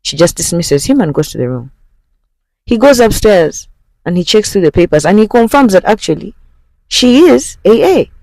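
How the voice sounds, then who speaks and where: A man hosting a movie recap, retelling the plot in a casual, animated way and speaking straight to viewers. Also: sits high, normal speed, vocal fry, no room sound.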